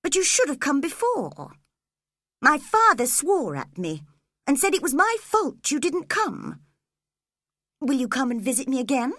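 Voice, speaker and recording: A woman's voice: high-pitched, big pitch swings, measured pace, long pauses, a bit bright, dry recording, studio quality, voice pushed up, heavily acted. A woman voicing a sickly, peevish teenage boy who whines and pities himself in an audiobook. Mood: whiny. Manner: whining, complaining.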